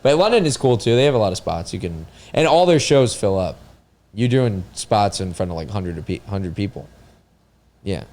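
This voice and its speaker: A man with a fairly low voice, chatting loosely on a comedy podcast. He rambles, doubles back and repeats words while working out his point. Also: lively intonation, normal speed, a little mellow. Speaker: podcast host. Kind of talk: casual chat among comedians.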